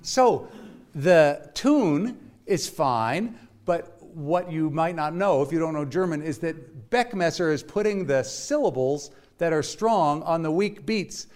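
A man's voice: on the high side, expressive, slow pace, darkish tone, soft background music. A man giving a classroom lecture to a live audience, explaining in a chatty way and walking listeners through examples. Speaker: music lecturer.

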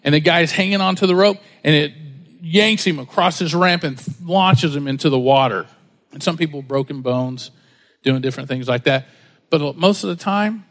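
A man's voice: fairly high pitch, vocal fry, fairly bright tone. A man pastor preaching a sermon in a casual, storytelling way, acting out the voices of people he quotes. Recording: long hall reverb.

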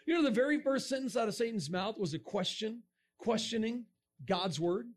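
A man preaching to a young crowd with lots of energy, swinging from quiet asides to sudden shouts. His voice sits high for a man. He tells stories with a dramatic, playful flair. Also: normal speed. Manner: energetic, dramatic, bursts into shouts and sound effects. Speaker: speaker addressing young people. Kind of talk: animated sermon talk.

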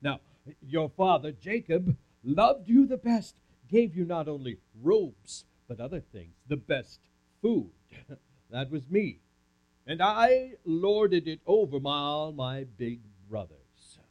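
A man's voice: fairly high pitch, very animated, slow, a little mellow. Theatrical man telling a Bible story in character. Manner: theatrical, interacts with audience volunteer. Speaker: camp speaker. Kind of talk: first-person dramatic Bible monologue. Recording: muffled lo-fi recording.

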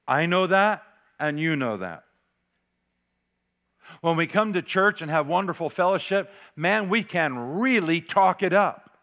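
Middle aged guy preaching, kinda high voice, drops real quiet then punches it up. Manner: dramatic, varies loudness, drops to near whisper for emphasis. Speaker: pastor. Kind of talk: sermon.

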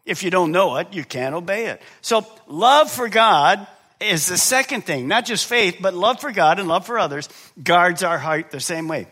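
A middle-aged man preaching a sermon as pastor, moving between quiet low asides and loud, high preaching, and asking the congregation questions he then answers himself. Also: lively intonation, normal speed, husky.

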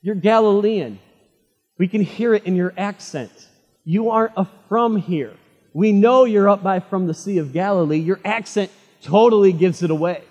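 A male pastor delivers a sermon in a high, husky voice that rings out in a hall with a long reverb. He retells the story dramatically, climbing loud and fervent, then dropping to a hush. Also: moderate pace.

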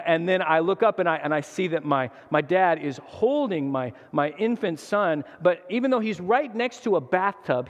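A man in his thirties delivers a sermon as a visiting preacher, his voice sitting a little higher than most men's. He tells stories with earnest animation, tripping over and restarting his words. The sound rings out with the long reverb of a church hall. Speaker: guest preacher.

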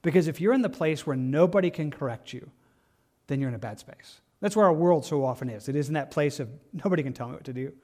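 A man's voice: on the high side, animated, quick pace, dark tone. A man teaching a Bible study as a pastor, talking in a conversational way with frequent restarts.

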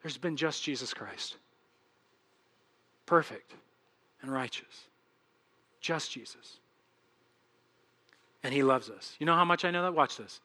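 A man preaching a sermon as pastor, animated, acting out little dialogues and swinging between loud and hushed delivery. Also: a little high, takes it slowly, pauses often.

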